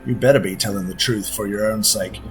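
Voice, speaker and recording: A man voicing a suspicious male innkeeper in a British accent, gruff and threatening. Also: lowish voice, steady tone, fairly quick, soft background music, voice pushed down, lightly acted. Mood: stern.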